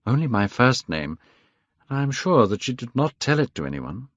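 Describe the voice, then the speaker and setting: A man's voice: medium pitch, sing-song, moderate pace, dry recording, voice pushed up, natural voice. A man reading aloud, voicing a secretive, frightened young man who pleads in a raised, urgent voice. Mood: pleading. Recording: dull, dry lo-fi recording.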